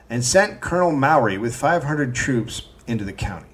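A man's voice: mid-range voice, expressive, a little fast, hardly any pauses, fairly bright tone, breathy edge. A man co-hosting a comedy history podcast, reading quotes from his notes and breaking off into profane asides. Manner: profane, reads quotes from notes then riffs.

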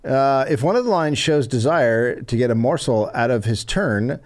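A man's voice: medium pitch, animated, moderate pace. A man hosting a podcast, reading an old newspaper aloud and breaking off for wry remarks. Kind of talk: reading aloud with comedic asides.

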